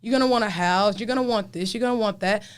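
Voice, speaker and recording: A woman's voice: mid-range voice, quick pace, clear, resonant tone. A woman hosting a podcast, who asks her guest probing questions and talks bluntly with lots of swearing. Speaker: podcast host. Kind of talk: casual podcast chat.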